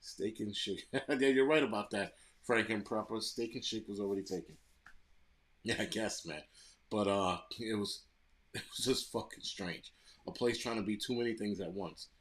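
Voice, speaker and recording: A man's voice: fairly low pitch, normal speed. Blunt, profane American man ranting. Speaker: livestream host reading chat. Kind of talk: profane casual live chat.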